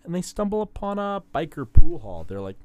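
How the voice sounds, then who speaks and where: This is a man hosting a relaxed podcast, recapping an episode scene by scene. His pitch swings widely as he plays out moments, and the sound is dry and close with no room echo. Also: a little fast. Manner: animated storyteller acting out scenes. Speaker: podcast host. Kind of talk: casual episode recap chat.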